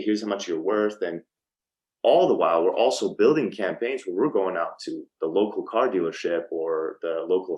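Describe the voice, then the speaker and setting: A man's voice: low voice, low-quality recording. A man in his thirties, a podcast guest, telling a story in a casual interview and acting out the back-and-forth of phone calls, with frequent ums and restarts. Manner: lively storyteller who acts out quoted phone calls. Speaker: podcast guest, startup co-founder.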